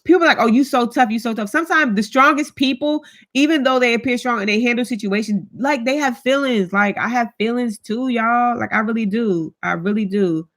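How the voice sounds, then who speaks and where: A woman's voice: on the high side, brisk, few pauses, fairly bright tone. Chatty heartfelt woman vlogger. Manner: chatty and heartfelt, talks straight to viewers; African American Vernacular English speech. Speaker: vlogger hosting a live chat. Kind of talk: casual live-stream chat reading comments.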